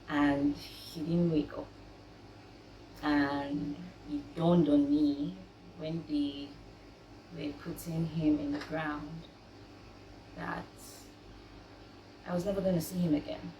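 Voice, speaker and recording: Young woman, low voice, soft halting personal testimony, distant mic, faint background hiss. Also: echoey room. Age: young adult. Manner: soft, halting, with frequent pauses and fillers. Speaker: vlogger sharing her grief.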